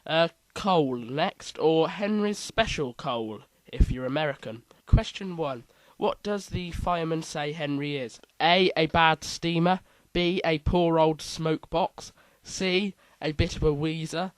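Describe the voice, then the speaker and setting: A man's voice: on the high side, a little slow, few pauses, dry recording, low-quality recording. A man hosting a casual quiz, reading out multiple-choice options with playful asides. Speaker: quiz host.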